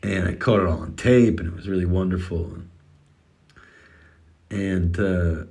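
A middle-aged man with a very low voice recounts a family story in an easy, rambling way. He restarts his sentences often and drops the occasional curse. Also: measured pace, darkish tone. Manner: rambling, with many restarts and swearing. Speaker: father telling a story. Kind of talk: casual personal storytelling.

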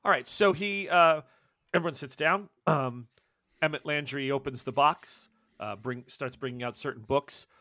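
A man narrating a tabletop game as game master, relaxed and jokey. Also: a little high, moderate pace, dry recording.

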